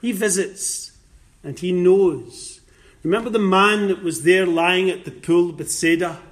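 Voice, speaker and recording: Male preacher, fairly high voice, real slow and deliberate, repeats lines for weight, gets loud on the scripture bits. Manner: slow, emphatic delivery with repeated phrases; rises loud and high when voicing scripture. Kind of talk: sermon.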